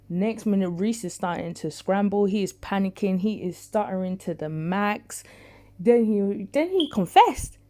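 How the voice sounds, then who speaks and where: A woman casually recapping and reviewing a soap episode, chatty and animated, acting out characters' lines with big reactions. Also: mid-range voice, measured pace.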